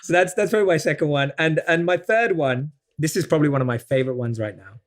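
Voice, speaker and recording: A man with a British accent explains self-help ideas in a relaxed interview. His voice sits a little high for a man. He lays his points out patiently and slips into quoted inner voices to make them land. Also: quick pace. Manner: earnest, explanatory, acts out quoted self-talk. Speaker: guest coach. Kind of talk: conversational self-help talk.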